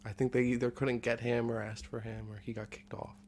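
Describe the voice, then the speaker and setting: A man's voice: medium pitch, little pitch movement, fairly quick, slight background noise. A man guest on a podcast, chatting casually and joking like a playful storyteller. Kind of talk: casual chat.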